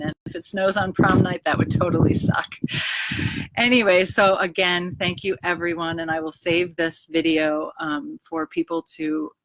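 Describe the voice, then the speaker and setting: A woman's voice: fairly low pitch, fairly bright tone, slight background noise. A woman speaking casually into her phone in her backyard, telling a personal story, emotional and rambling, with many "ums" and "anyways.". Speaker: vlogger sharing a personal health story. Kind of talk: casual live video chat. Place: backyard outdoors.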